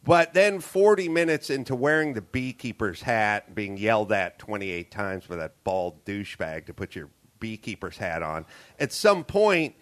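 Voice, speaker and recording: In a hotel room, a man hosting a casual podcast rants and swears while telling a story, acting out its dialogue. His fairly low voice is expressive and moves at a moderate pace.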